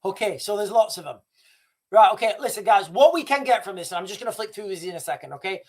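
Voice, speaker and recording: A man's voice: sits high, lively intonation, quick pace, darkish tone. A man hosting a live stream, talking casually and rambling with many restarts. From Britain. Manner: rambling, restarts, chuckles at himself. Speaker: livestream host.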